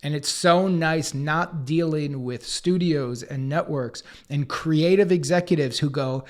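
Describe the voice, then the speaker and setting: A comedian and podcast co-host, a man, telling anecdotes in an animated way and acting out other people's lines. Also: on the high side. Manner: acts out others' lines in quick put-on voices; swears casually, riffs fast.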